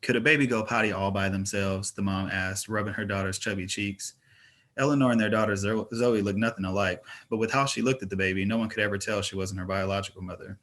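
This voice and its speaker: Brief: male narrator, fantasy audiobook, steady even read. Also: on the low side, fast talker. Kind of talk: audiobook reading of fantasy fiction.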